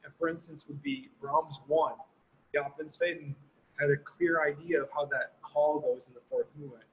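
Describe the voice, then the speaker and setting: The guest, a man who plays horn, responds to questions over a video call in a thoughtful, rambling way, sprinkling in lots of "you know" and "like." His slightly high, somewhat bright voice has a breathy edge, fairly even intonation, and a moderate pace, heard through poor audio.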